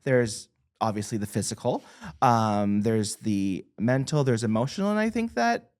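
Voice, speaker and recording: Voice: mid-range voice, moderate pace. A guest author talking casually in an interview, joking at their own expense and laughing often. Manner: animated, self-deprecating humor, laughs often. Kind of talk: conversational interview.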